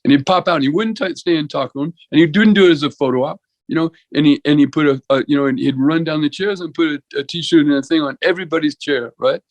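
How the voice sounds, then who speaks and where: A man's voice: on the high side, quick pace, few pauses, dry recording, low-quality recording. A man in his sixties, a veterinarian and comedian, telling rambling stories as a podcast guest, with lots of restarts and "you know". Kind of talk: rambling conversational storytelling.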